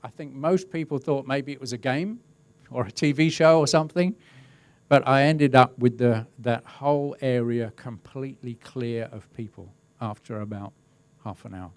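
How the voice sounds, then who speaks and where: A man's voice: medium pitch, moderate pace, no echo. Wry middle-aged man telling a webinar story. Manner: relaxed storytelling with wry humour and chuckles. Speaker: crowd safety and event management specialist. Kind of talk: webinar presentation, telling an anecdote.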